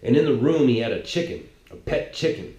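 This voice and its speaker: A man holds forth in a heated, rambling political rant, stumbling over and repeating his words as he pushes his point. His voice sits at an ordinary middle pitch. The room around him rings back with noticeable echo. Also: expressive, a little fast, dark tone. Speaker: political commentator. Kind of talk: ranting monologue.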